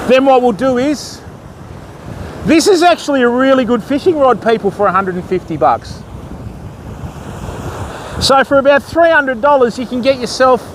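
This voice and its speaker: A man's voice: very high-pitched, slight background noise. A man hosting a casual fishing live stream outdoors, chatting to viewers and calling them mate and bud. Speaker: fishing livestream host. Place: outdoors on a stormy beach.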